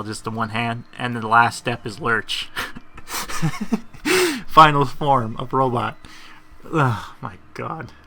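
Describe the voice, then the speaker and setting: A man's voice: mid-range voice, sharp tone, slight background noise. A man giving rambling, casual commentary over a video game, chuckling between tangents. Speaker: gamer.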